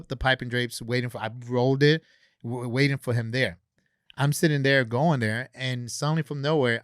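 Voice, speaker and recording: Animated man telling a story. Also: mid-range voice, clean tone, dry recording, clean studio sound. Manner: animated storyteller, acts out quoted dialogue. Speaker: guest, convention organizer. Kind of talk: casual podcast storytelling.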